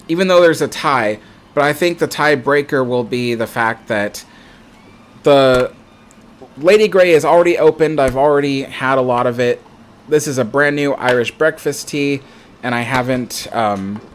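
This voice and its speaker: A livestream host chats casually and reads viewer comments out loud, often saying "um." His voice is medium-pitched and a bit bright, with slight background noise.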